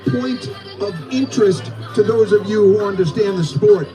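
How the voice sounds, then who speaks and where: A man emceeing a live eating contest, with theatrical, hyped commentary and countdowns that he shouts out. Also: high-pitched, moderate pace. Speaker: contest announcer. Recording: distant outdoor PA with crowd and music.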